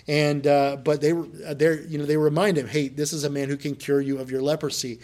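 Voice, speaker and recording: Male pastor, sermon delivery, conversational retelling that builds to emphatic points, slightly high pitch. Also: flat delivery, a little fast, few pauses, a little mellow. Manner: conversational storytelling, rising to emphatic preaching.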